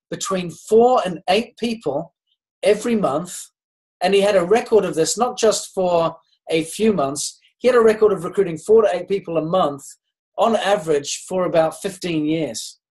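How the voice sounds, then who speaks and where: High-voiced man giving a measured motivational talk. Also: a little mellow, low-quality recording. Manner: unhurried, with pauses and restarts; acts out quoted dialogue in his stories. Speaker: network marketing trainer.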